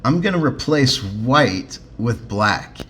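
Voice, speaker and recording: A man's voice: medium pitch, sing-song, slow, fairly bright tone. A man co-hosting a podcast in casual chat, joking and sarcastic, swearing freely with lots of ums and uhs. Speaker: podcast co-host.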